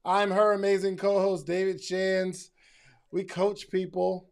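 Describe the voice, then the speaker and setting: A man's voice: high-pitched, completely flat delivery, unhurried, gravelly, a little mellow, clean tone. A man co-hosting a podcast, chatting in a hyped, playful way with lots of slang. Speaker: podcast co-host. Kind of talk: casual podcast chat.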